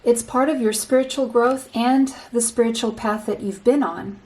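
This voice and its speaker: A woman giving a pick-a-card tarot reading, speaking straight to the listener in a slow, reassuring way and often repeating a phrase. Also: a little high, darkish tone, low-quality recording.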